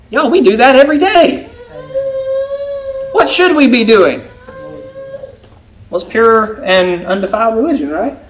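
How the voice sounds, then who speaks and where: A man's voice: sits high, a bit bright, poor audio. A man preaching a sermon to a congregation in a conversational style, often checking in with them by asking "right?". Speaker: pastor.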